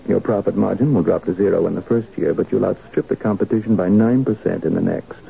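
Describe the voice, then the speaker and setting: A curt, gravelly genius. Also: male voice, sits low, fast talker. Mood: businesslike. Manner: clipped, businesslike. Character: curt, composed man, famous genius. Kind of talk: vintage radio drama acting. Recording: dull lo-fi old radio recording.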